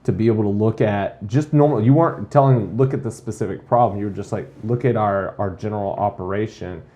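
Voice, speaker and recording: Low-voiced male podcast host. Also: fast talker, highs cut off. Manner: animated, acts out quoted voices. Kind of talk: casual interview talk.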